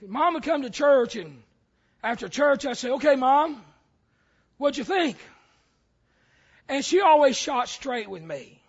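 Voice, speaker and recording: Pastor, male, very high voice, storytelling sermon that swells to shouting, muffled lo-fi recording. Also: expressive, a little slow, long pauses. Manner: storytelling preacher, repeats words, builds to shouts.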